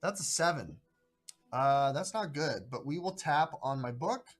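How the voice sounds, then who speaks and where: A man hosting a live stream of a tabletop adventure, chatting casually and a little haltingly. His voice sits somewhat high. Faint music plays behind him. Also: animated. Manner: rambling, halting, greets viewers by name. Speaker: host playing a solo adventure on stream.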